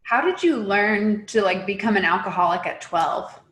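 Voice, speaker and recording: A woman's voice: mid-range voice, animated, normal speed, a bit bright. Woman host in an echoey room. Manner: encouraging, affirming questioner. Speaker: interview host. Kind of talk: interview questions.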